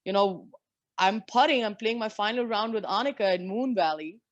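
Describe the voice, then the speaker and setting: A woman's voice: medium pitch, normal speed, no echo, dull audio. Candid woman telling stories, dry sound. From India. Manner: lively, candid anecdotes with frank swearing. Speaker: interview guest, former professional golfer. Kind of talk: storytelling in a conversation.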